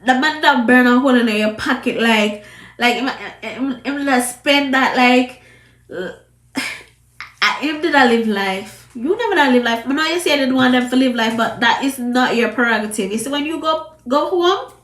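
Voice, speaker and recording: Speaking patois to camera, this vlogger delivers emphatic, scolding commentary in a Jamaican accent with some British mixed in. She's high-pitched and a bit bright, moving at a moderate pace in a reverberant space.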